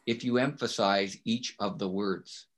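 A man's voice: lowish voice, a little slow. Emphatic man as a podcast guest. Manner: emphatic, often asks rhetorical "right?". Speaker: education speaker, podcast guest. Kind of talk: casual interview talk.

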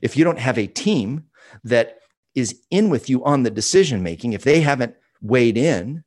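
A man's voice: mid-range voice, animated, normal speed, darkish tone. A man, an author and consultant, answering interview questions in an emphatic storytelling way that repeats key phrases.

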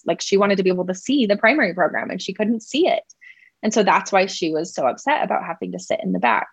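A woman's voice: mid-range voice, quick pace, breathy edge, no room sound. A woman in her thirties tells a personal parenting story in a chatty, conversational way, often tagging her sentences with "like" and "right?". Her voice sits close and dry, with no room sound. The recording sounds slightly dull and muffled. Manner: conversational, heavy use of "like" and "right?". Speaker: mother sharing a parenting story.

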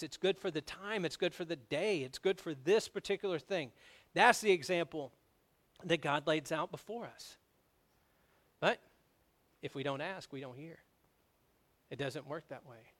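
Preaching from the pulpit, a pastor speaks in a voice that sits a touch higher than most men's. He tells personal stories with animated energy, and when he drives a point home he gets louder and higher.

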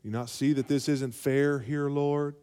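A man's voice: mid-range voice, fairly even intonation, measured pace, dark tone, clear, resonant tone, natural voice. A preacher voicing a frazzled, overworked woman who complains shrilly and in exasperation. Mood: complaining. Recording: long hall reverb.

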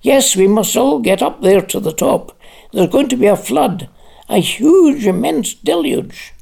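A reader voicing an excitable, giddy old man who rambles eagerly, as an audiobook character. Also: mid-range voice, measured pace, vocal fry, husky, pitched above the performer's own voice, heavily acted. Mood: excited. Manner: eager, chatty, a bit childlike.

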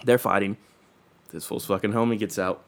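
A man's voice: lowish voice, fairly even intonation, moderate pace, gravelly. A young man casually telling a story, swearing freely and acting out what people said in slangy talk. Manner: profane, slangy, acts out quoted dialogue.

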